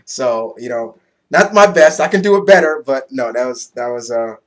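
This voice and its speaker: A young man giving a casual, excitable comic book review, loose and swearing freely. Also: medium pitch, normal speed.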